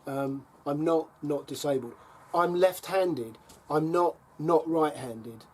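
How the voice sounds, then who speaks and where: A man's voice: fairly high pitch, takes it slowly, a little mellow, husky. A middle-aged man chatting casually to camera on his allotment, telling wry stories and chuckling between them. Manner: wry, chuckling storyteller with dry jabs. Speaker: allotment vlogger. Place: allotment plot by a fire.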